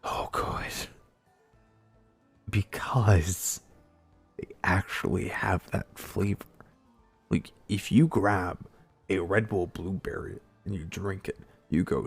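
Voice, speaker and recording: A man streamer ranting casually and heatedly with lots of swearing, jumping into high silly voices to mimic people. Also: lively intonation, slow pace, pauses often, darkish tone, husky, soft background music. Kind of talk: casual rant on a live stream.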